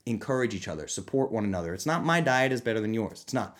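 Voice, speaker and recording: A man hosting his own podcast as a nutrition coach, talking casually and animatedly, often jumping into high, excited mock voices. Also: fast. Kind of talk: casual solo podcast talk.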